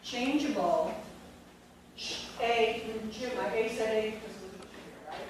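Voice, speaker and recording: During a classroom teaching demonstration, a woman leads teachers through a spelling lesson, firm and directive, drilling each word through repetition. Her voice is medium-pitched and measured. The recording is distant and echoey, with background noise.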